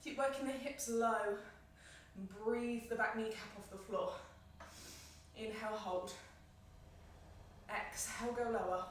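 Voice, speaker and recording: A yoga instructor with a high, light voice leads a guided flow, giving calm, encouraging cues timed to each inhale and exhale while sounding slightly out of breath. She speaks a little slowly and pauses often. The mic sits a few steps away in a bare, echoey room, with slight background noise.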